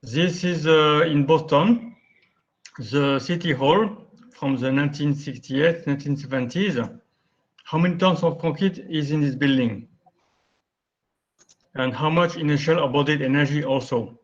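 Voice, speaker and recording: A man's voice: a little high, unhurried, dull audio. A man from France with a French accent, giving a webinar lecture, explaining step by step and often correcting himself. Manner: explanatory, with frequent restarts and self-corrections. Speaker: guest speaker, architect.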